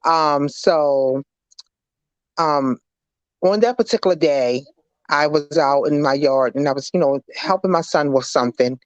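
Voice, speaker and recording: Earnest woman giving halting testimony. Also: deep voice, no echo. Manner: earnest, halting, speaks in faith terms. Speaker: guest. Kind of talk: personal testimony in an interview. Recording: dry, dull lo-fi recording.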